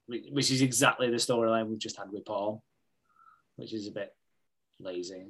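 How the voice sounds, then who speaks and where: A man's voice: lowish voice, flat delivery, a bit bright. Sweary man retelling a soap. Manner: sweary storytelling, mimicking characters in quick asides. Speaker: podcast co-host recapping a soap. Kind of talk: casual chat.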